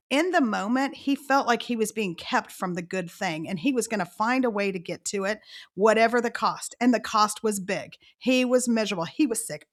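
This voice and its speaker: A middle-aged woman, an author guest telling animated stories and acting out quotes. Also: on the high side. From Texas. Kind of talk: storytelling interview.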